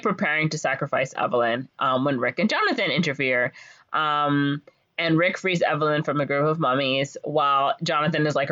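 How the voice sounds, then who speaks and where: A woman's voice: low-pitched, a bit bright, dry recording. A woman co-hosting a podcast, recapping a movie in a casual, playful way, full of ums and likes and jokey voiced-out lines. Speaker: podcast co-host. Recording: dull lo-fi podcast audio.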